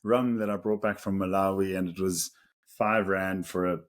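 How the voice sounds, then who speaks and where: A man's voice: low voice, moderate pace. A South African man in his thirties, a podcast co-host telling a story casually, laughing often as he goes. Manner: animated, laughs through the story.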